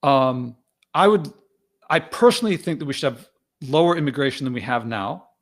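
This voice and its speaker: A man's voice: medium pitch, lively intonation, moderate pace. A man as a guest in a casual discussion, speaking hesitantly and circling back over his points.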